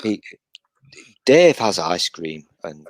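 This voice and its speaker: Very low-voiced British man, dry sound. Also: very animated, takes it slowly, no echo. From Britain. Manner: self-deprecating, joking banter. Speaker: podcast host. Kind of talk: casual live-stream chat.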